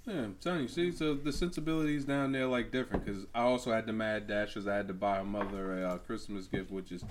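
A man in casual podcast chat, an animated storyteller who swears freely and acts out the people in his stories. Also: on the low side, fast talker, background noise. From US Northeast. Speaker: podcast co-host.

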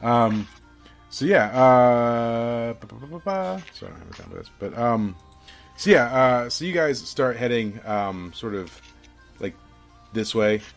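A man's voice: medium pitch, animated, a little slow, vocal fry, faint music behind. A man narrating a tabletop game as game master, rambling with many fillers.

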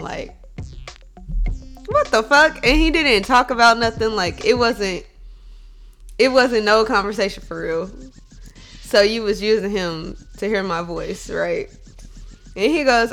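A woman talks straight to her audience in a casual monologue, blunt and full of cursing. She moves between loud, heated venting and quieter, reflective stretches in a mid-pitched voice. Faint music plays behind her. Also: lively intonation, unhurried, pauses often. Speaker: bartender.

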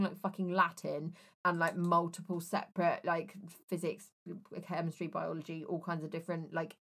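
Bright-voiced young woman, blunt. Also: on the low side. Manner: blunt, sweary, quick to laugh. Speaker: podcast co-host. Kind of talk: casual chat.

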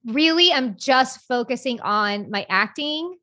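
A young adult woman co-hosting a podcast, talking in a candid, rambling, expressive way. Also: high-pitched, unhurried, no room sound, studio quality. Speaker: podcast co-host. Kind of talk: casual chat.

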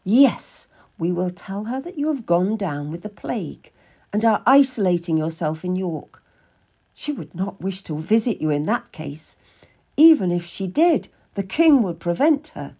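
A woman voicing a calm, firm noblewoman who gives measured, reassuring counsel in a storybook reading. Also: mid-range voice, slightly rough, heavily acted.

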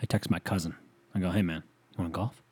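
A young man hosting a podcast alone, rambling through a profane, casual story and now and then breaking into loud whoops. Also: deep voice, fairly even intonation, quick pace, slightly rough. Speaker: podcast host. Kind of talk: casual solo podcast rant.

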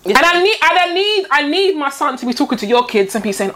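Brief: woman, high and very animated, quick emphatic co-host. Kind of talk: casual chat.

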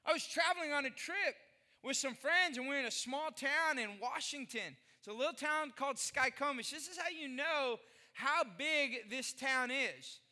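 High, bright-voiced joking pastor. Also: male voice, normal speed. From Texas. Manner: animated, joking storyteller with rhetorical questions. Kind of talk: sermon.

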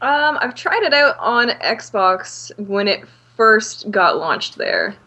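Woman streamer chatting easy on a podcast, bouncy pitch, lots of ums. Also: takes it slowly. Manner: relaxed, hesitant with fillers. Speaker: guest streamer. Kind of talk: casual podcast chat.

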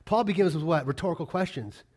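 A man preaching a sermon, animated and full of rhetorical questions, swinging between loud emphatic lines and quiet, low asides. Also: quick pace, husky. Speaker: pastor.

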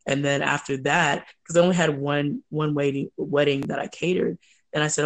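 A woman telling stories in a chatty, animated way as an interview guest. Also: low voice. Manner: chatty, animated, quick asides. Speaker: guest, entrepreneur. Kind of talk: casual storytelling.

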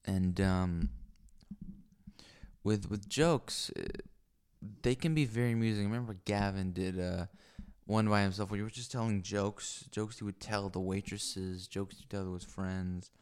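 A man's voice: fairly low pitch, normal speed, darkish tone, clean tone. A man talking alone into a microphone on a stand in a small home room, rambling and crude, with many fillers and restarts. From lives in Los Angeles. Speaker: solo podcaster. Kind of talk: rambling solo monologue.

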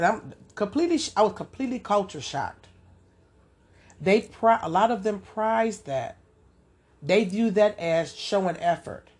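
A woman with a fairly low, somewhat dark voice hosts a podcast, delivering a loose, rambling monologue. She sprinkles in casual asides and keeps repeating "you know what I'm saying."

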